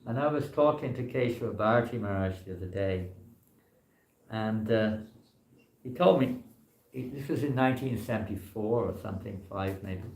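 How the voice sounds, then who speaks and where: A man's voice: on the low side, normal speed, vocal fry, darkish tone. A man, a monk, giving an informal scripture class in a temple hall, talking in a loose, rambling way full of "you know" fillers.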